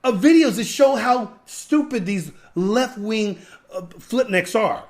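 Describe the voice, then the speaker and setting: Guy with a pretty high voice going off on a rant, loud and preachy, repeats himself a lot. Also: slow pace. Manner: emphatic, repetitive, preachy. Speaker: podcast host. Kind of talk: ranting commentary.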